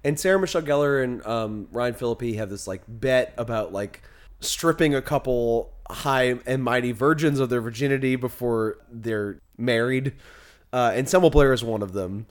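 A man co-hosting a podcast, talking about films in a loose, conversational way. He is chatty and leans on filler words. His voice sits in a middle pitch. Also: normal speed. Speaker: podcast co-host. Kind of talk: casual film discussion.

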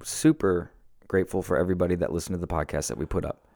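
A young man co-hosting a podcast, talking in a rambling, self-deprecating way with many halting restarts. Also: deep voice, fairly even intonation, darkish tone, no room sound, studio quality. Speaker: podcast co-host. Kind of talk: casual podcast chat. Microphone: podcast mic.

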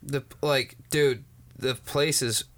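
A man co-hosting a podcast, excitable and crude with loud jokes. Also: mid-range voice, slow. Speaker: podcast co-host. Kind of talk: casual podcast chat.

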